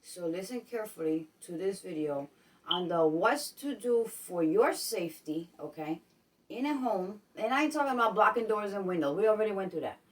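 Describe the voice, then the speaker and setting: A woman's voice: medium pitch, lively intonation, normal speed. A woman from Puerto Rico giving casual advice on her vlog at home. She repeats herself and keeps checking in with "okay?". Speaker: vlogger. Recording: voice a bit distant from the mic.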